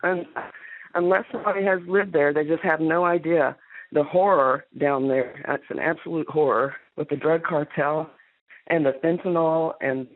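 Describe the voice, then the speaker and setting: A woman's voice: low-pitched, steady tone, normal speed. Blunt Texan woman on a phone line. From Texas. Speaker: caller. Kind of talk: phone-in call.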